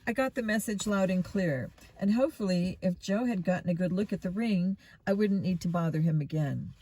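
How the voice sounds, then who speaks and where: A woman reading a children's mystery book aloud in a steady storytelling manner. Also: fairly low pitch, normal speed, slightly rough, no echo. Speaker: reader.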